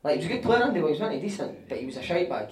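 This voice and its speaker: A Scottish man telling animated, sweary anecdotes on stage at a live podcast show, often laughing as he talks. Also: fairly high pitch, rapid-fire, slight background noise. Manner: animated, sweary, laughing through his stories. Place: live venue with audience. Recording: echoey room, mic at a distance.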